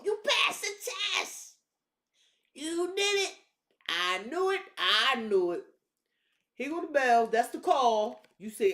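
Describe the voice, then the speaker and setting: Woman, tarot reader, casual reading, hyped and blunt, profane, lively swinging pitch, echoey room. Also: slow pace.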